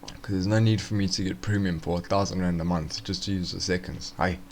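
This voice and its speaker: A man's voice: sits low, steady tone, brisk, a little mellow, slight background noise. A man casually walking through forex charts on a live stream, thinking aloud with fillers and restarts.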